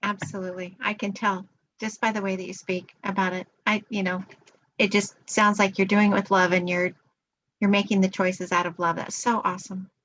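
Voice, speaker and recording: A woman's voice: medium pitch, level tone, brisk, slight background noise. A woman leading a course, affirming others and asking questions on a video call. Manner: warmly affirming, asks questions. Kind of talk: encouraging video-call chat. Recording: dry, muffled video-call audio.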